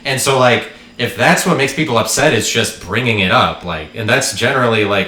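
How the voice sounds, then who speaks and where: Podcast host, male, low-pitched, sharp bright tone, rambling and irreverent, roomy sound. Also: fairly quick, hardly any pauses, a little hiss or hum. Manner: irreverent, joking, swears, trails off and restarts. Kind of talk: rambling solo podcast monologue.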